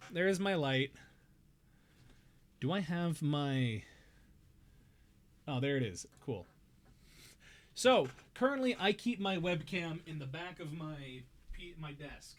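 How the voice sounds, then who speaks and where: A man streaming a game, chatting casually and telling a rambling, excitable story. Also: a little high. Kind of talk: casual chat.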